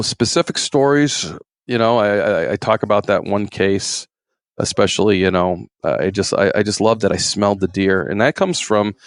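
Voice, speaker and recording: Gravelly low-voiced retired game warden. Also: male voice, dry recording. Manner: folksy, rambling, acts out quotes in raised voices. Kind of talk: casual storytelling interview.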